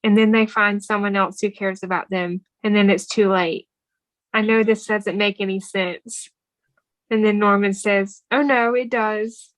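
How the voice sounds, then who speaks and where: A woman's voice: mid-range voice, level tone, measured pace, dry recording, poor audio. Woman podcast host recapping a film. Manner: reads quoted film dialogue aloud, warm and earnest. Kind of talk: casual movie recap chat.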